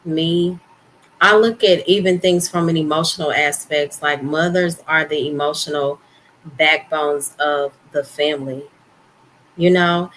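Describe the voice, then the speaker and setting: Earnest, expressive woman with a lowish voice. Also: unhurried, a little hiss or hum, poor audio. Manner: warm, expressive and earnest, with frequent "like" and "you know". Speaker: podcast co-host. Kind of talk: casual chat. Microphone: studio microphone, podcast setup.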